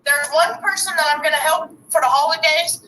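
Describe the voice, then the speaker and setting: Emphatic woman streamer, very high pitch, faint background noise. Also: fairly quick, pushed and bright, echoey room, low-quality recording. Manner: earnest, emphatic, lecturing. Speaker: livestreamer addressing viewers. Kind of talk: casual live-stream talk.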